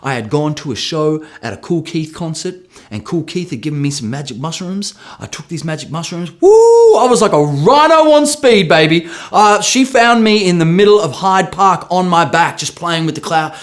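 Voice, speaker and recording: An Australian man in his thirties, a rapper who raps his lines and then explains them in casual talk. He tells stories with sudden loud, excited re-enactments. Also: fairly high pitch, normal speed.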